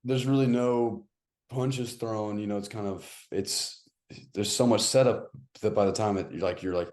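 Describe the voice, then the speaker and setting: A young man with a very low, mellow voice gives slow, uncertain feedback. He hedges and trails off in a laid-back, chatty way. It sounds like a casual talk between friends. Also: steady tone. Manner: hesitant, hedging, trails off. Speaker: co-host giving feedback. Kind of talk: casual comedic critique.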